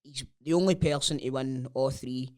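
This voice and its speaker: A man's voice: mid-range voice, normal speed. A Scottish man in casual football chat on a podcast, blunt, sweary and opinionated, recorded in a studio. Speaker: podcast co-host.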